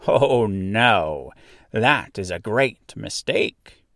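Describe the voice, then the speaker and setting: A man voicing a kindly little old good witch who speaks calmly in a storybook reading. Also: fairly low pitch, extremely slow, creaky, no echo, studio quality, exaggerated voice. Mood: explaining. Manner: calm, gently laughing.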